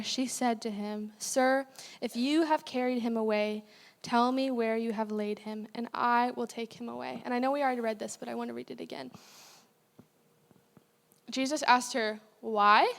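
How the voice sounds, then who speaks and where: A woman's voice: a little high, normal speed, creaky. Woman preaching candidly in a reverberant hall. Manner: candid, conversational preaching with asides and self-corrections. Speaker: guest speaker. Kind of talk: sermon. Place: church sanctuary.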